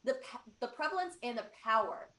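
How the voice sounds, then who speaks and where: A woman's voice: on the high side, lively intonation, fairly quick, a bit bright. A woman co-hosting a film podcast, talking in an enthusiastic, rambling way with many fillers. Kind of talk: casual chat.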